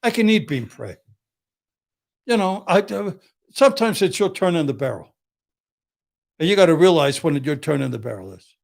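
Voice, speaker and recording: An older defense attorney with a rough, gravelly voice sitting slightly higher than most men's. He tells blunt, profane stories in a tough-guy manner, acting out what people said to him. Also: big pitch swings, moderate pace, pauses often. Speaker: criminal defense attorney, guest. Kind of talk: casual storytelling.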